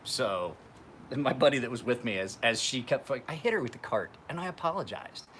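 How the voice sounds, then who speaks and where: A man sharpens knives during a livestream and spins meandering, foul-mouthed anecdotes, mimicking others in a high voice. His speech is animated, a little fast and fairly bright, with faint noise in the background.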